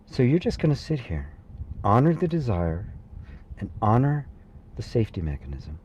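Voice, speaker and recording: A man hosting a live satsang as a spiritual teacher, speaking gently and reassuringly, laughing softly and pausing with fillers as he reads viewer comments. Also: mid-range voice, big pitch swings, dull audio, slight background noise. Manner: hesitant fillers and restarts while reading.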